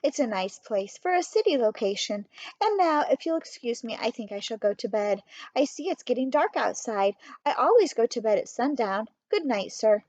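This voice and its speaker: A woman reading a storybook who voices a gentle little hen bird, speaking softly and politely. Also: a little high, sing-song, moderate pace, dry recording. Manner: soft, poised, polite. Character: gentle young hen bird, soft and musical.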